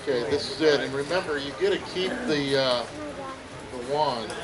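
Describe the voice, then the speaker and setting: A man's voice: mid-range voice, normal speed, rough recording. A man calling out raffle numbers at an outdoor band concert, joking with the crowd. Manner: joking, drawn out number calls. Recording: crowd noise around.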